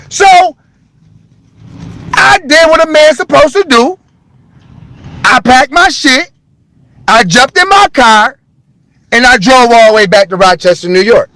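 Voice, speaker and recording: Loud, high-voiced man ranting on a live stream. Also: no room sound, poor audio. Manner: loud, heated and blunt, swearing freely. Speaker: livestreamer. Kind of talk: livestream rant to chat.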